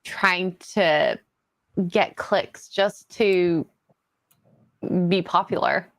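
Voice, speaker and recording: A woman's voice: lowish voice, extremely slow, fairly bright tone, no room sound. A woman co-hosting a podcast, chatting in an agreeable, thoughtful way and laughing easily. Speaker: podcast co-host. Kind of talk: casual chat.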